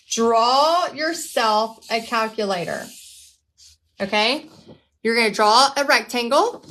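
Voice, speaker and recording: An upbeat woman in her forties leads a live painting class from her home studio. Her voice sits a little high, and her talk is chatty and relaxed. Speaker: painting instructor and host. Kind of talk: casual live-stream teaching.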